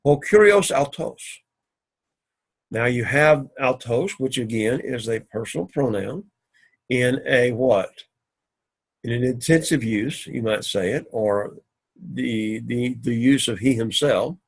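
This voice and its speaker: A man teaches a Greek class in a husky, mid-range voice. He walks through each sentence slowly and patiently, often pausing with "all righty" and restarting his phrases. He clears his throat now and then as he talks. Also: mid-range voice. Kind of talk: recorded classroom lecture.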